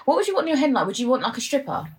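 A young woman, co-hosting a casual chat and teasing her friend in a jokey, animated way. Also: high-pitched, racing.

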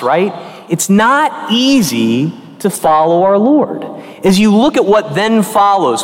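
A man in his early forties, a Catholic priest, preaching a conversational and earnest sermon with emphatic turns. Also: high voice. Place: church. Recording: long church reverb.

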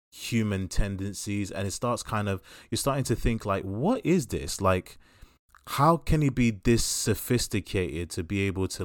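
Man, low voice, casual film review chat, rambling, dry close sound. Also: clear, resonant tone, no room sound. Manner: rambling, thoughtful, frequent fillers and restarts.

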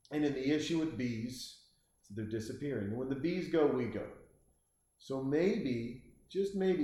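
Man hosting a loose comic monologue, rambling, profane, lots of restarts, mid pitch, heavy room echo. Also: darkish tone. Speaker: host. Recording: very echoey room.

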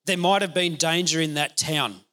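A man pastor giving a conversational, energetic sermon, laughing now and then. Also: fairly high pitch, moderate pace.

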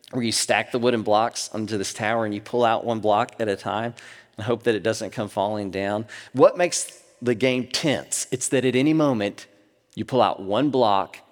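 A man preaching a sermon, swinging from loud bursts to hushed near-whispers, recorded in a reverberant church sanctuary. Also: fairly low pitch. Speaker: pastor.

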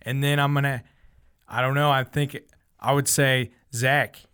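A man's voice: medium pitch, flat delivery, a bit bright, clear, resonant tone, no room sound, studio quality. A man playing a tabletop game, joking crudely and drawing his words out. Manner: crude, joking, drawn-out talk. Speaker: player. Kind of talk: casual tabletop game play.

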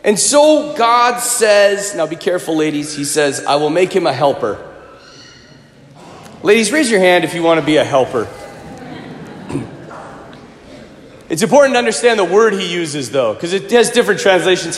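A man preaching a sermon, telling a story in a lively, conversational way and acting out the quotes. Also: high-pitched. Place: church. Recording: echoey church with long reverb.

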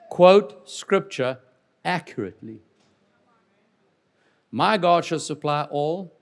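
A man preaching a sermon as pastor, animated and joking with the congregation, swinging from loud to quiet. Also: on the high side, vocal fry. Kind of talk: lively sermon.

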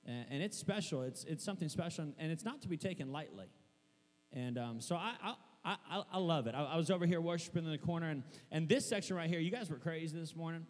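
A young man preaching a sermon in a church, rambling and excitable, stumbling over restarts and breaking into shouts. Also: a little high, fast, long reverb tail. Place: church hall.

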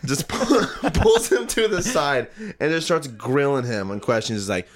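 A man's voice: mid-range voice, brisk. Laughing man telling a wild story. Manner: animated, laughing, swearing, acts out quotes. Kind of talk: casual storytelling.

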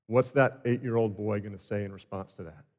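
A male pastor delivering a sermon, emphatic and swinging between loud and quiet passages. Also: on the low side, fairly even intonation, a little fast. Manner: emphatic, rising and falling delivery. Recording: long hall reverb.

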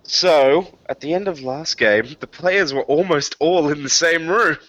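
A man narrates a tabletop game as its game master, jokey and halting, stopping on fillers as he sets each scene. His voice is bright and forward, and the sound is dry with no room around it. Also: fairly high pitch, no echo, highs cut off.

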